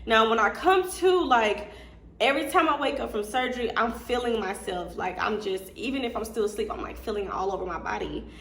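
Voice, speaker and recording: A woman's voice: on the high side, a little fast, a bit bright. A young adult woman vlogger casually telling a candid story, chatty and full of fillers and laughter. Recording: echoey room with faint noise.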